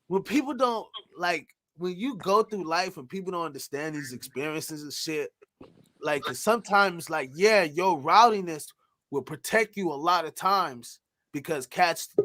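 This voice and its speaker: A man with a somewhat high voice tells rowdy stories in a loose, casual chat. He is animated and profane, laughing often and acting out what others said. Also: unhurried. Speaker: podcast guest telling stories.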